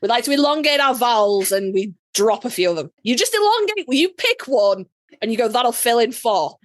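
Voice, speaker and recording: Lively Yorkshire woman telling a story. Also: on the high side, brisk, no room sound. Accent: Yorkshire English. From Yorkshire, England. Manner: animated, swears freely, acts out quotes. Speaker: podcast co-host. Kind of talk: casual storytelling chat.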